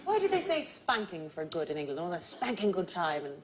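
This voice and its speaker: A woman on a comedy panel show, chatty and teasing, quick with jokes. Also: fairly low pitch, very animated, crowd noise. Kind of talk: comic panel show banter. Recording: loud background noise.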